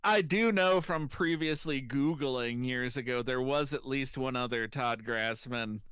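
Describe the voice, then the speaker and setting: A man with a smooth, clear voice, chatting as a podcast guest. He has an easygoing manner and laughs often. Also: mid-range voice, measured pace, a bit bright, no room sound, lo-fi sound. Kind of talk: casual chat.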